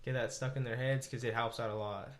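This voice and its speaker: A man's voice: mid-range voice, steady tone, quick pace. A young man co-hosting a podcast, laid-back and swearing freely as he laughs off bad luck. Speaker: podcast co-host. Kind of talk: casual chat.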